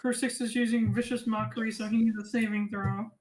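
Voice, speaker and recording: A woman running a tabletop game as game master, narrating the action and reading out rules in a casual, quick way. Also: a little high, level tone, darkish tone, poor audio.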